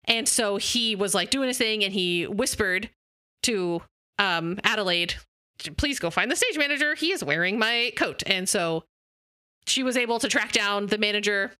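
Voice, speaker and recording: A woman's voice: mid-range voice, measured pace, pushed and bright, smooth, dry recording, clean studio sound. A woman co-hosting a podcast, retelling a story in casual chat with filler words and laughs. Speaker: podcast co-host.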